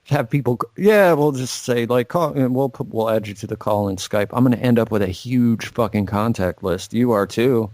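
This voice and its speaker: A man's voice: mid-range voice, moderate pace, hardly any pauses, darkish tone, dry recording. A man co-hosting a casual podcast from a garage, rambling and swearing constantly. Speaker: podcast co-host. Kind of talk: profane casual chat. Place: home garage.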